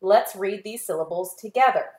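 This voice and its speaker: A woman's voice: mid-range voice, darkish tone. Patient teacher woman in an echoey room. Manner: slow, clear enunciation with drawn-out model words; patient and encouraging. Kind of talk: recorded phonics lesson for children.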